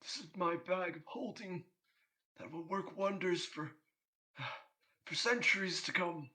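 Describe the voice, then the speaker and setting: A man voicing a wounded, kindly old Santa Claus in a tabletop game, talking haltingly and sounding bewildered. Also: sits high, sharp tone, pitched above the performer's own voice. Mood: grateful. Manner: faltering and bewildered, with hesitant pauses.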